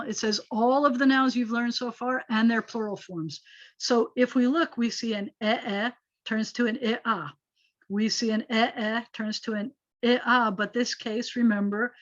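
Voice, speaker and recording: A woman rabbi teaching a Hebrew grammar class online, explaining patiently and getting animated when she makes a point. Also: on the high side. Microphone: video call. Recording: dull lo-fi video call audio.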